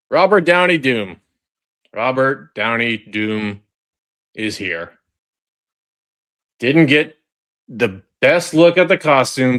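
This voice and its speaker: A man with a bright, forceful tone drawls through casual trailer reaction commentary at an unhurried pace. He talks straight to his viewers in a chatty way, often restarting and repeating his phrases. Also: medium pitch. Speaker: online video host.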